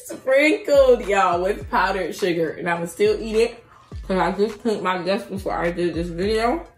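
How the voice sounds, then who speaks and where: An excitable, chatty woman doing a casual mukbang-style cookie review for her viewers. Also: medium pitch, moderate pace. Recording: roomy echo with faint music.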